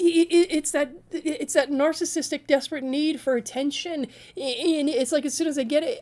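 A woman's voice: sits high, moderate pace, creaky. A woman hosting a reaction commentary, exasperated and stammering as she talks back at a clip. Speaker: commentary channel host.

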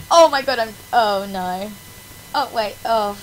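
A woman's voice: mid-range voice, slow, pauses often, noisy background. A woman hosting her gaming channel in casual gameplay commentary, melodramatically complaining about her failures with wails and laughter.

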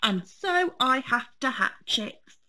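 A woman voicing an earnest little boy bear cub in a storybook, high and squeaky with excitement. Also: slow pace, full character voice. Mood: determined.

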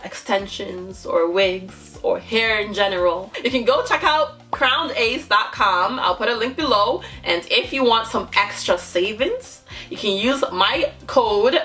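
A woman's voice: medium pitch, expressive, measured pace, few pauses, a bit bright, faint music behind. A woman hosting a casual reaction vlog, chatty and gushing, laughing often as she talks to her viewers. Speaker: reaction YouTuber.

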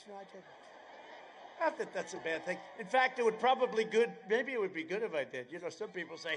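A man giving a political rally speech outdoors at an airfield. He rambles, drifts into sarcastic asides, and bursts into shouting. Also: sits high, a little fast. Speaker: campaign speaker.

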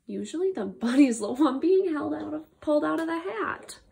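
A woman's voice: high voice, normal speed, gravelly, dark tone. A woman reading a picture-free book aloud to children as a lesson, reacting with playful, exaggerated surprise to the silly words.

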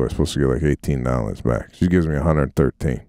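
A man's voice: rumbling low, fast talker, warm tone, no echo, clean studio sound. A man in his forties co-hosting a podcast, telling a story in a casual, incredulous way with trailing restarts. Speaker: podcast co-host. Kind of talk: casual chat.

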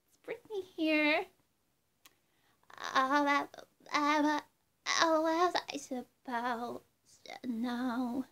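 A woman's voice: sits high, drawn-out words, long pauses, a bit bright, pitched above the performer's own voice, heavily acted. A woman doing an impression of a flirty, doting pop-star woman who cooes, blows kisses and talks about herself by name.

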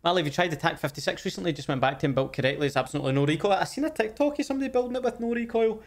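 A man's voice: sits high, animated, very fast. A young man hosting a casual gameplay livestream, chatty, swearing freely and thanking viewers. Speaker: streamer and host.

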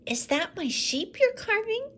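A woman voicing an eager seven-year-old boy in a read-aloud story, high and pleading. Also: very animated, a little slow, a bit bright, slight background noise, full character voice. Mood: curious.

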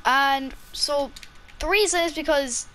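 A woman's voice: high-pitched, measured pace, pushed and bright, a little hiss or hum. A young woman from Ireland with an Irish accent, chatting casually as a kids YouTuber, rambling and giggling with lots of ums. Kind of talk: casual vlog talk.

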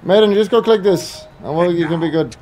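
A man streaming a game with friends, shouting urgent callouts and teasing his teammates. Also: sits high, brisk, faint music behind, poor audio. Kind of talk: excited gaming commentary.

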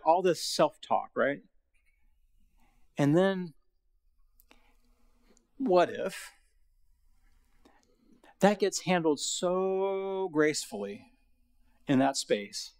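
Casual, animated man giving a Bible lecture. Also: fairly high pitch, normal speed, long pauses. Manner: casual, animated storytelling with many fillers. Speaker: guest lecturer.

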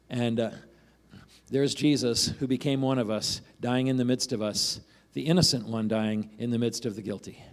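A male pastor delivering a sermon in a relaxed, conversational tone. His voice sits at a middle pitch. He checks in with the congregation with a quick "right?" and briefly acts out the people he quotes.

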